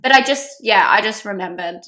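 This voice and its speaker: A woman's voice: medium pitch, a little fast, bright, forceful tone. A woman co-hosting a podcast in casual chat, supportive and reassuring, with frequent "like" fillers. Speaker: podcast co-host.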